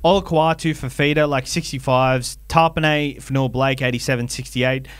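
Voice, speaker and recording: A man's voice: mid-range voice, steady tone, moderate pace, a bit bright, smooth, dry recording. A man with an Australian accent co-hosting a fantasy footy podcast, telling stories animatedly and laughing often. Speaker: podcast co-host. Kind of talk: casual chat, storytelling.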